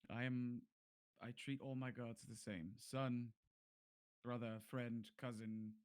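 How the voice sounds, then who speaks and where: A man voicing a stern adult guard captain who speaks in a formal, measured way. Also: mid-range voice, flat delivery, smooth, no echo, lightly acted.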